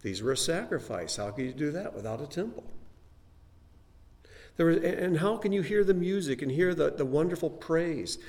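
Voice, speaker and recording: A man's voice: on the high side, expressive, normal speed, darkish tone. A man teaching a Bible lesson in a conversational, folksy sermon style with frequent asides to his listeners.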